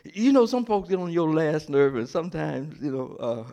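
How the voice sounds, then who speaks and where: A man's voice: fairly high pitch, moderate pace, vocal fry. A male pastor preaching a sermon, throwing questions to the congregation and acting out the story's characters in dramatic voices. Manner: animated preaching with call-and-response questions to the congregation; acts out the prophet and God in dramatic voices.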